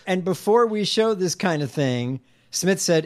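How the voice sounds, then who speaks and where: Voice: mid-range voice, lively intonation, a little slow, hardly any pauses. A co-host reading news stories and quotes aloud on a political talk show, now and then mixing up names and correcting themselves. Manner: reads quotes aloud, stumbles over names.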